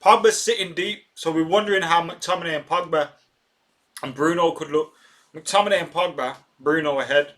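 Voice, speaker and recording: A man reacting live to a football match as a fan, getting excitable, swearing and shouting at the referee. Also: fairly high pitch, moderate pace. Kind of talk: live match watch-along commentary.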